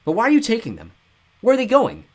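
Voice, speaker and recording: A man's voice: very high-pitched, wildly swooping pitch, fast, darkish tone, voice pushed up, full character voice. A man voicing an earnest, bookish teenage boy who talks precisely and indignantly.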